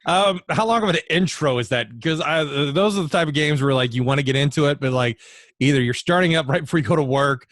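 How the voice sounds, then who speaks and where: A man's voice: fairly high pitch, fast, fairly bright tone, dry recording. Rambling, chatty man co-hosting a podcast. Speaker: podcast co-host. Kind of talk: casual chat.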